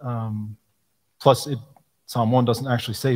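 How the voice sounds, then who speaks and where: A man's voice: medium pitch, steady tone, moderate pace. Man explaining hymnal choices. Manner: thoughtful, explanatory, frequent ums, quotes hymn lines aloud. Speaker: hymnal editor answering questions. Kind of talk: live Q&A talk.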